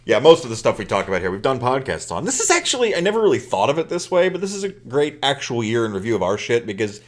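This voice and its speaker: A man's voice: mid-range voice, very animated, fast. A man co-hosting a podcast in casual chat, joking and laughing often. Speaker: podcast co-host.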